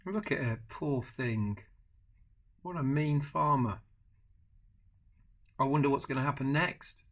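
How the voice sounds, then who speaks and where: An older man, a grandfather, reading a picture book aloud to his grandchildren with animated asides. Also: medium pitch, slow. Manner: animated, adds chatty asides to the children. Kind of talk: bedtime storybook reading.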